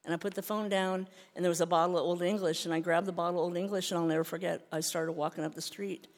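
An older woman telling her recovery story as a candid, self-mocking personal testimony, swinging from hushed to loud. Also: on the low side, steady tone, fast. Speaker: speaker sharing recovery story. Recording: hall reverb.

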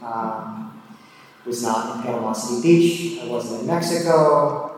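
A man in his thirties or older shares a story about his drinking. He speaks at medium pitch and a measured pace, casually and self-deprecatingly, with many fillers. He's recorded from far off in an echoey hall with slight background noise.

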